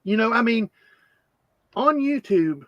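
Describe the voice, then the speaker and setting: A man's voice: extremely high pitch, expressive, takes it slowly, a bit bright, no echo, lo-fi sound. A man hosting a casual coin-collecting live stream, rambling and greeting chat viewers by name.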